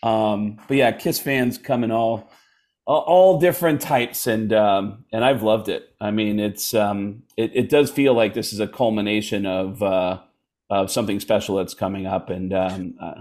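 Animated male comedian telling stories. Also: lowish voice, moderate pace. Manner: animated, acts out voices in stories. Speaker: stand-up comedian guest. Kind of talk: casual storytelling chat.

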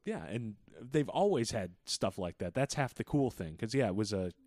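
A man co-hosting a casual chat podcast, telling stories in a profane, animated way. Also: lowish voice, moderate pace, no room sound, clean studio sound. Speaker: podcast co-host.

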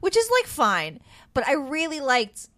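A woman's voice: sits high, wildly swooping pitch, a little slow, a bit bright. A woman co-hosting a movie podcast, talking through ideas thoughtfully. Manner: thoughtful, analytical. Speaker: podcast co-host. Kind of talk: casual movie discussion.

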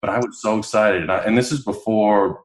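A man's voice: lowish voice, fairly quick. A man, a podcast guest, telling stories in a casual interview and acting out the lines of people he quotes. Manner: animated, acts out quoted dialogue. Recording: roomy echo.

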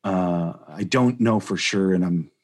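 A man's voice: low-pitched, a little slow, darkish tone. A man from Chicago hosting a casual podcast chat, rambling with many restarts. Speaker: podcast host.

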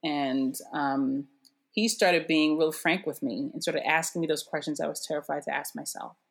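Middle-aged new woman, lowish voice, animated storyteller, laughs a lot. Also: moderate pace, creaky. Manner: animated, laughs often, acts out quoted voices. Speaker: interview guest. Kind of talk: casual conversational storytelling.

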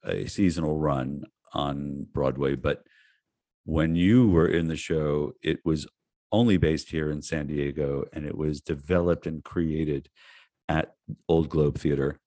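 Very deep, slow-speaking male interviewer. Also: fairly even intonation. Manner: slow, affirming, warm praise of the guest. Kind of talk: conversational interview.

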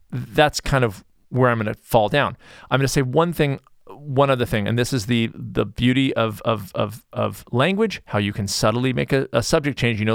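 A man's voice: medium pitch, a bit bright, no room sound, clean studio sound. A man hosting his own podcast, talking through a casual solo monologue that rambles, with frequent restarts and asides. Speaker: podcast host.

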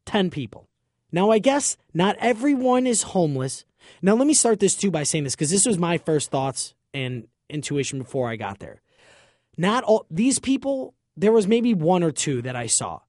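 A man's voice: a little high, very animated, moderate pace, darkish tone, no room sound, studio quality. A man chatting casually, telling a long story with jokes and cleaned-up slang. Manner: chatty, joking, self-censoring slang.

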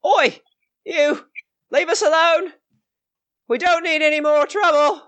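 A man voicing a scared but defiant young farm boy, talking in a high, blustering voice with cockney-tinged exclamations. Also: fairly even intonation, slow pace, a bit bright, full character voice.

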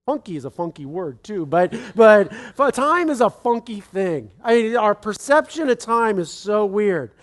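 A man in his thirties preaching in a relaxed, conversational way, rambling with many restarts and asides. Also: sits high, moderate pace, few pauses. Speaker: pastor. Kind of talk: conversational sermon.

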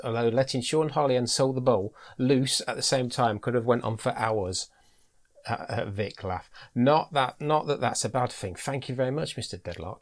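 A British man hosting a podcast in casual chat, talking in a chatty way and often repeating words as he thinks. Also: mid-range voice. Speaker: podcast host.

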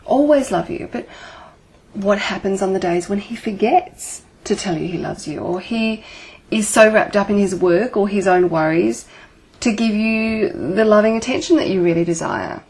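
A woman's voice: mid-range voice, moderate pace, a little mellow, slightly rough. A woman relationship coach talking to her listeners, asking earnest rhetorical questions and swearing now and then.

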